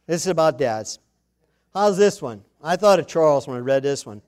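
Male pastor, high voice, folksy humorous sermon, chuckles between lines. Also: expressive, moderate pace. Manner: chuckles often, storytelling, loud punchy emphasis.

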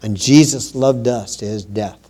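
A man preaching a sermon in a conversational way, with many pauses, growing louder and higher when he quotes scripture. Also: slightly rough.

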